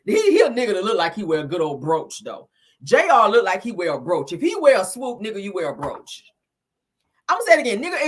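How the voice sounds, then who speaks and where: Brash, animated woman talking gossip. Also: mid-range voice. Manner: brash, profane and animated, calls the audience "child" and "honey". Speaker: commentary host. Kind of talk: casual gossip commentary.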